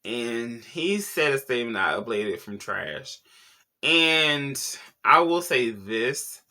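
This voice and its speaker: A man's voice: mid-range voice, bright, forceful tone. A man hosting a casual celebrity gossip vlog, sassy and slangy, talking straight to his viewers. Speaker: YouTube pop culture host.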